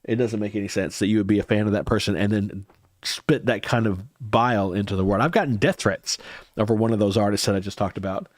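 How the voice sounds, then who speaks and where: A man's voice: lowish voice, quick pace, no echo, studio quality. Congested man chatting on a livestream. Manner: chatty, answers viewer comments aloud. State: congested with a cold; tired. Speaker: livestream host reacting to music. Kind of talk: casual livestream chat.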